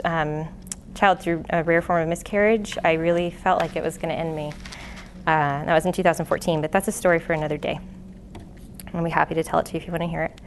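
Woman late 20s sharing her testimony at church, kinda low voice, lots of ums, light hiss behind. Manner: earnest and conversational, with many fillers and restarts. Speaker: lay speaker giving a testimony teaching. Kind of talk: personal testimony talk to a church audience. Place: live venue before an audience. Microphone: handheld or stand microphone.

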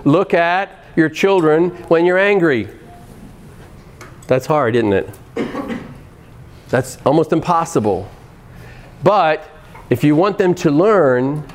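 A middle-aged man preaching an earnest sermon on parenting, with animated shifts in pace. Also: medium pitch.

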